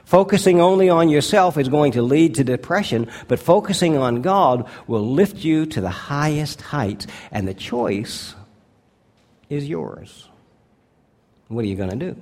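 A male pastor preaching a sermon, earnest and deliberate, slowing down to stress key words and dropping to a hushed tone for his appeals. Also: on the high side, animated.

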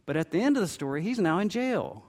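A man's voice: high voice, sing-song, fast, a little mellow. A middle-aged man preaching a sermon, telling a parable with expression and briefly voicing its characters. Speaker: pastor.

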